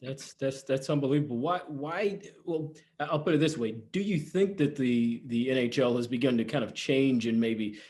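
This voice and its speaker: A male sports interviewer with a mid-pitched voice. He asks long, halting questions and restarts his phrases as he goes. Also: a little mellow.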